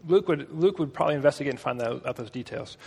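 A man with a fairly high, husky voice preaches a casual sermon. He talks conversationally and tells stories with joking asides. His voice rings out in a hall with a long reverb. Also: quick pace, darkish tone.

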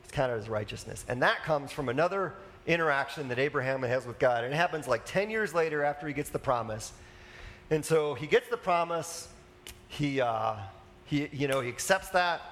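A man's voice: fairly high pitch, expressive, moderate pace, a bit bright. A man preaching a conversational sermon as a pastor, casual and chatty, with asides and fillers.

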